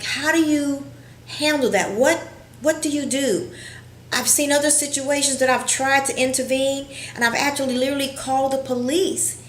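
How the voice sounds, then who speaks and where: A woman counselor giving an earnest, reflective educational talk, pausing often with fillers. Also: high-pitched, a bit bright, slight background noise. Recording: roomy echo.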